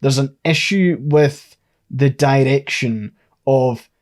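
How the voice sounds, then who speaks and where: A man's voice: mid-range voice, slow pace. A man co-hosting a podcast who thinks aloud and lays out his theories at length in a casual chat. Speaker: podcast co-host.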